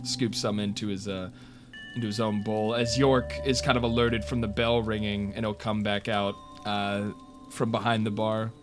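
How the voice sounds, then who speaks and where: A man narrating as game master of a tabletop game, hesitant, with many fillers. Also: lowish voice.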